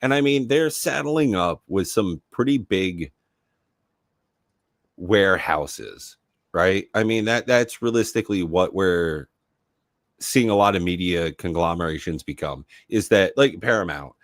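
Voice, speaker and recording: A fairly low-voiced man who jokes and rambles through his points in casual podcast chat. The sound is dry and close-miked. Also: expressive, a little slow, dry recording. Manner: joking, rambling. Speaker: podcast co-host.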